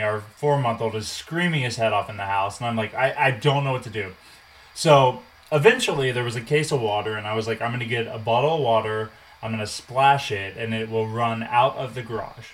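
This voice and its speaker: A man in his twenties telling a casual, animated story, swearing and acting out what people said. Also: mid-range voice, brisk, low-quality recording. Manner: animated, swears, acts out quotes.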